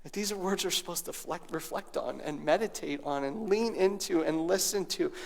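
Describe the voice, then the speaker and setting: A man's voice: on the high side, brisk, vocal fry. A male pastor delivering a sermon, dropping to near-whispers and rising to raised, emphatic preaching. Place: church sanctuary.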